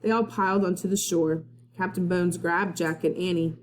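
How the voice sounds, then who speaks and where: A woman's voice: fairly low pitch, fairly even intonation, normal speed, a little hiss or hum. A woman first-grade teacher reading a chapter book aloud to her class in a chatty way, laughing at her own slips.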